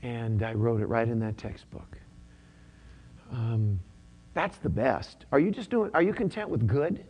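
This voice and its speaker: A man's voice: mid-range voice, measured pace, darkish tone, husky. A pastor delivering a conversational sermon, often repeating his points and using casual slang.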